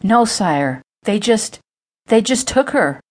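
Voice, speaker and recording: A woman's voice: a little high, expressive, takes it slowly, darkish tone, voice pushed up. A woman playing a frightened old female orphanage keeper who stammers and pleads. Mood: timid pleading. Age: older.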